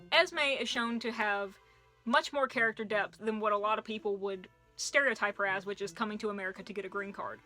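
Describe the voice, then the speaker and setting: A woman's voice: on the high side, sharp tone. A woman in her twenties chatting casually through a book review vlog, joking and throwing in puns as she goes. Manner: chatty and jokey, with puns and asides.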